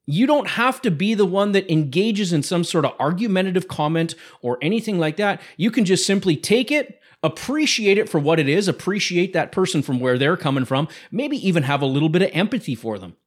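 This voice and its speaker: A man's voice: high voice, animated, brisk, few pauses. Blunt, swearing motivational man. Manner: blunt, heavy swearing, pep-talk delivery. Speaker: podcast host. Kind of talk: motivational monologue.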